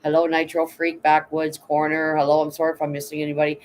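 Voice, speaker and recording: A woman's voice: deep voice, completely flat delivery, fast talker, darkish tone, slight background noise, rough recording. A middle-aged Canadian woman chatting bluntly and emotionally on a livestream, swearing often and greeting viewers by name. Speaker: livestream host. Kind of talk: casual livestream chat.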